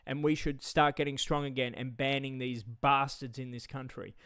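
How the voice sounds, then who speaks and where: A man's voice: medium pitch, fairly even intonation, moderate pace, fairly bright tone, clean tone, dry recording, studio quality. A man ranting heatedly on a livestream, swearing and stammering through repetitions. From Australia. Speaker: live streamer. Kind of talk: angry livestream rant.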